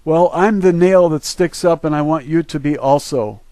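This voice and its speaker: A man's voice: fairly high pitch, normal speed, dark tone, no echo. A man from the northern United States giving an emphatic, opinionated monologue, urging his viewers on. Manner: emphatic, preachy, urging listeners. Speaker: online video host.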